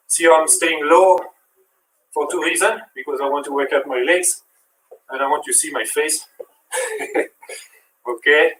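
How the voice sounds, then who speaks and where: A man's voice: a little high, a bit bright, reverberant, distant mic, a little hiss or hum, poor audio. A man with a French accent, a fitness instructor who counts reps and coaches while he exercises. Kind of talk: live workout demonstration.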